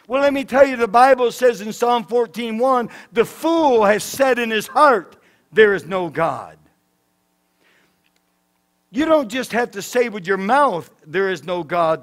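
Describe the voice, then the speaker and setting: Pastor, male, high-pitched tenor, emphatic preaching that swings loud to soft. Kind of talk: sermon. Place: church sanctuary.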